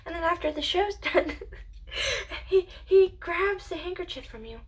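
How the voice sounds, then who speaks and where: A woman's voice: very high-pitched, animated, normal speed. A woman alone at home, rambling through a philosophical monologue to her channel, musing aloud and drifting into whispers and giggles. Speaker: channel owner.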